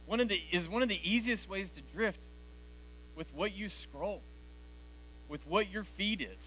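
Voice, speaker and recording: Bright-voiced man preaching to teens. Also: sits high, unhurried, slight background noise, poor audio. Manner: direct, conversational, addresses teens as guys. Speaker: youth speaker. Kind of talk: youth sermon.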